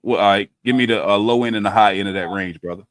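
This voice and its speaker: Speaking fast in a fairly low but fairly bright voice, a man hosts a podcast where he quizzes friends playfully about dating over a video call. The group chat is casual, with teasing and loose slang, and there is no echo.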